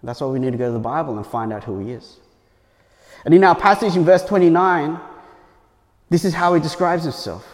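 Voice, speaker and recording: A man's voice: fairly high pitch, brisk, long pauses, long reverb tail. A male pastor preaching a sermon in a conversational way, often checking in with "right?". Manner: conversational, frequent "right?" tags.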